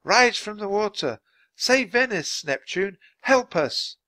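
A man voicing a bold, eager young girl who calls out excitedly. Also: sits high, takes it slowly, pitched above the performer's own voice, heavily acted. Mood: excited shouting. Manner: excited, calling out loudly.

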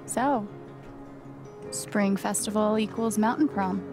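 A woman's voice: medium pitch, fairly even intonation, slow, a little mellow, faint music behind. An actress playing a wry, sarcastic young woman, the heroine of a video game. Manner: dry, sarcastic.

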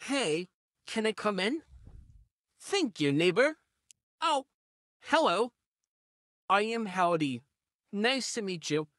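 A man voicing a creepy four-armed caterpillar vampire in a listener role-play audio, coaxing and hushing the listener. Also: high voice, very animated, takes it slowly, pauses often, dry recording, studio quality, exaggerated voice. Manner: coaxing, hushing, shushing softly.

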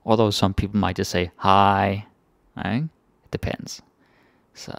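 A young man with a Danish accent, teaching a casual language lesson and repeating each word slowly for learners. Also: on the low side, steady tone, gravelly, no room sound, studio quality.

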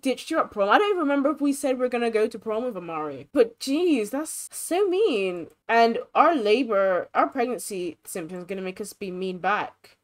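A young woman giving casual, chatty commentary on a life-simulation game, expressive and sympathetic. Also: on the high side, moderate pace, hardly any pauses. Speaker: gaming creator.

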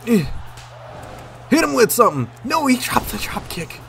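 A man commentating on his own gameplay, excitable, swearing and yelling at the game. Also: extremely high pitch, moderate pace, gravelly, a little hiss or hum. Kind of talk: let's play commentary.

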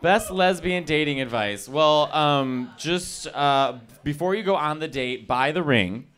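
A man doing stand-up, telling animated stories and answering audience questions on stage. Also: a little high, unhurried, crowd noise. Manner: animated, laughing, acts out voices. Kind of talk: stand-up crowd work, casual storytelling. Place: stage in a comedy venue.

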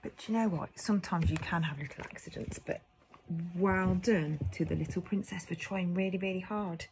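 A woman, a nursery teacher reading a picture book aloud to toddlers in an animated, sing-song way full of gasps. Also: on the low side, normal speed, faint music behind.

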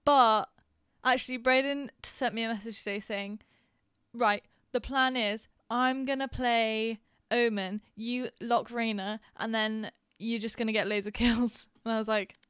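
A woman's voice: a little high, fairly even intonation, a little slow, a bit bright, smooth, dry recording, clean studio sound. A young woman from England streaming a game, chatting casually and telling stories with frequent giggles and fillers. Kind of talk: casual chat while gaming.

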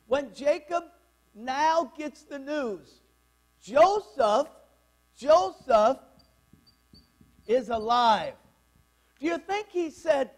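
A man's voice: very high-pitched, lively intonation, slow, pauses often, darkish tone. A man in his sixties preaching a fervent, worked-up sermon in church. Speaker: pastor.

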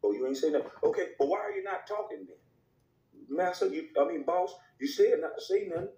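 A man's voice: sits high, animated, brisk, warm tone, roomy sound, dull audio. A man voicing a domineering male network boss who scolds and barks orders in a comedy skit. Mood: scolding. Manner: scolding, barking orders, profane.

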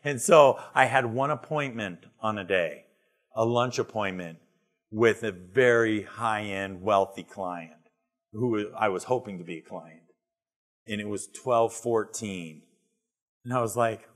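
Middle-aged male keynote speaker, storytelling, emphatic, animated. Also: lowish voice, moderate pace. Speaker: business speaker. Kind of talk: motivational keynote talk. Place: retreat event.

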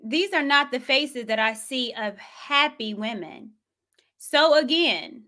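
Animated, sassy woman host. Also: high-pitched. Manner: sassy, animated, with quick asides. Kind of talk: commentary vlog.

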